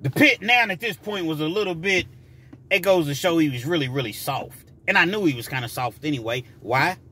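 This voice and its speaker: A man telling a story from his own life in a vlog, talking freely with frequent restarts and jumping into loud, high voices to act out what people said. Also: animated, brisk, husky. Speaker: vlogger telling a personal story.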